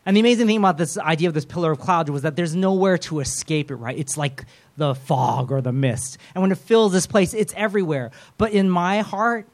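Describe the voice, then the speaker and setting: Animated casual preacher man. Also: high voice, brisk, few pauses. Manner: animated, acts out quotes and prayers in shifting voices; casual, self-aware with asides and humor. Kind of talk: sermon.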